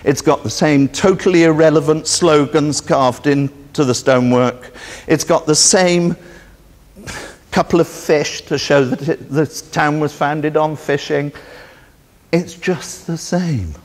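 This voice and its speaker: A man's voice: on the high side, takes it slowly. A man giving a public talk in a meeting hall, telling a story with sardonic indignation and acting out both sides of the dialogue. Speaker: speaker at a public presentation. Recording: reverberant hall recording.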